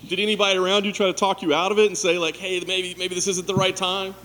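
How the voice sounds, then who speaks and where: A male reporter asking halting questions at a press media day. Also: high-pitched, little pitch movement, a bit bright, long reverb tail, rough recording.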